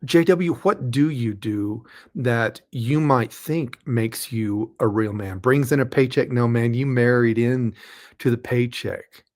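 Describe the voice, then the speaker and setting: A man's voice: medium pitch, takes it slowly, a little mellow. A man, a pastor, giving blunt, scolding commentary on a clip he plays, speaking straight at the camera. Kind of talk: commentary on a played interview.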